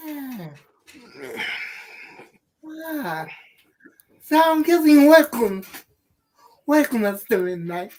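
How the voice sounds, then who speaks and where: A woman's voice: high voice, big pitch swings, very slow, pauses often, noisy background. A woman co-hosting a casual live stream, blunt and sweary, who laughs often.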